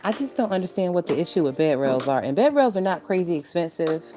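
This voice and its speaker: Young woman w a lowish voice cussing + laughing thru a casual rant, faint music behind. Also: animated, quick pace, mellow. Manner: profane, exasperated, laughs a lot. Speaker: YouTube commentary host. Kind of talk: casual reaction commentary reading live chat. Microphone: phone.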